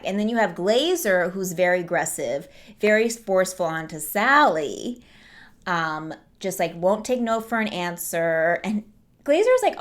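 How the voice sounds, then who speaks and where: Young woman ranting about a slasher movie, casual and lively, quotes the characters. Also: on the low side. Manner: chatty and animated, mocking characters with quoted voices. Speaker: horror movie reviewer, show host. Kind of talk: casual movie review monologue.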